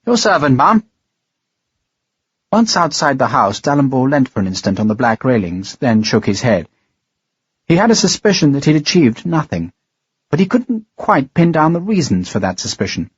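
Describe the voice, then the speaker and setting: A man narrating an audiobook in a steady, measured reading. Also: mid-range voice, husky, dry recording, dull audio. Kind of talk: scripted narration.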